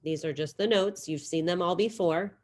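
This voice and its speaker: A woman teaching a Spanish class over a video call. She sometimes drills verb forms slowly and clearly, then talks quickly. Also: lowish voice. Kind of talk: online class lecture with screen share. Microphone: computer mic on video call.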